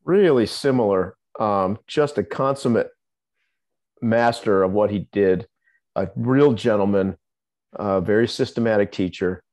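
A man co-hosting a martial arts podcast on a video call, speaking in a measured way with frequent fillers. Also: lowish voice, a little mellow. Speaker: podcast co-host. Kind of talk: casual conversation on a video call.

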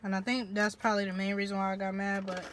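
A woman's voice: medium pitch, flat delivery, fast talker, a little hiss or hum. Blunt, profane young woman venting. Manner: blunt, profane, slangy storytelling while eating. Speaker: vlogger. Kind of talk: casual venting mukbang chat.

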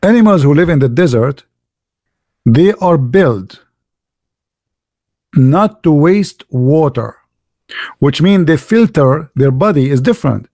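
Male host, mocking polemical monologue, repeats words for emphasis, fairly high voice, dry room. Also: animated, slow, long pauses, mellow, dry recording. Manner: mocking, with rhetorical questions. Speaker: channel host.

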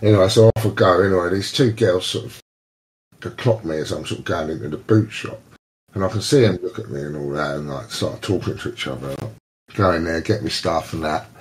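Lively English male host telling stories. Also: sits low, a little fast. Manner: lively storyteller, mimics voices in anecdotes, swears casually. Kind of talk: casual anecdote chat.

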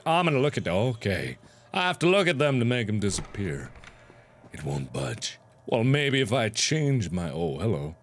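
A man's voice: fairly low pitch, wildly swooping pitch, unhurried, a bit bright. A young man hosting a horror game video, joking playfully and exclaiming in surprise as he plays. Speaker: gaming video host.

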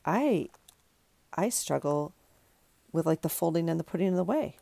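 A woman's voice: lowish voice, lively intonation, normal speed, creaky, long pauses, mellow, no echo. A middle-aged woman hosting a craft video, chatting in a rambling, giggly way and correcting herself as she works. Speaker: craft channel host. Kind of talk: casual chat while crafting.

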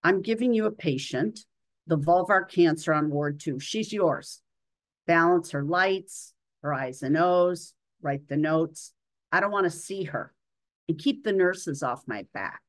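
An arrogant young male doctor barks short orders and can't be bothered, as a woman reads him. His lines come curt and clipped, in a low, unhurried voice with a dry, close sound. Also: lively intonation, no echo. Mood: dismissive. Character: dismissive, arrogant male hospital resident.

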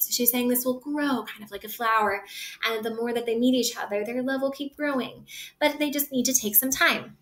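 A woman explaining a play to students in a loose, casual way. She fills her talk with "like" and "um", and her voice sits a little high for a woman. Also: a bit bright.

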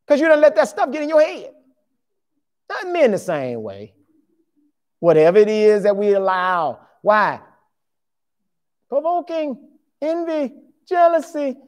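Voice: mid-range voice, sing-song, slow, long pauses, darkish tone. Emphatic preacher in their fifties. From Louisiana, USA. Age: 50s. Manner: emphatic, conversational preaching with dialogue asides. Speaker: pastor. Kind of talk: sermon.

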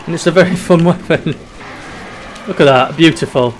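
A man's voice: on the high side, moderate pace, slight background noise. A young man giving casual, sweary commentary while playing a video game. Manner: chatty and sweary, drifting between mock despair and giggles. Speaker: gaming YouTuber.

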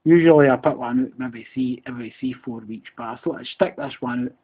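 A husky-voiced Scottish man with a broad Glasgow accent rants on his own podcast, sweary and repetitive after a few beers. His heated delivery comes through a tinny, phone-like recording. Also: mid-range voice, fairly quick. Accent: Scottish, Glaswegian. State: a bit drunk. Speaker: podcast host. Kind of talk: angry solo rant.

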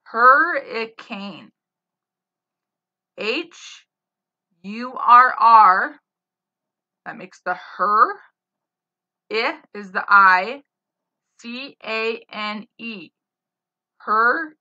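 Lady teacher reading out spelling words real slow, spells each letter, kinda dull lo-fi sound. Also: fairly high pitch, animated, sharp tone. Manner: spells words letter by letter, then gives example sentences.

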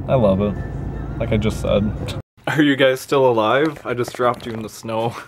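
A man's voice: medium pitch, normal speed, noisy background. A young man vlogging to camera from his parked car at night, sleepy and chatty, rambling to his viewers. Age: young adult. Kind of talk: casual vlog talk to camera. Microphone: handheld camera.

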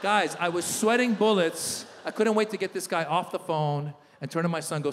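A middle-aged man doing an animated stand-up comedy set, acting out the voices of people in his stories. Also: high-pitched, normal speed, hardly any pauses. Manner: animated storytelling, acts out voices of others. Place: large theater stage. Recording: live hall reverb with audience ambience.

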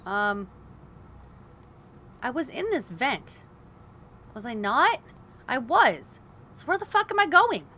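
A woman's voice: high-pitched, big pitch swings, slow pace, long pauses, pushed and bright, a little hiss or hum. A young woman commenting on her gameplay, swearing in frustration and talking to herself and her viewers. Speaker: gaming video host.

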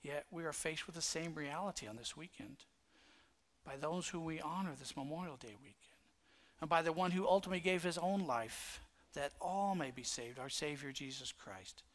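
A man's voice: on the high side, moderate pace, fairly bright tone. A male pastor giving a sermon in a church, telling a story in an earnest, reflective way. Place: church sanctuary.

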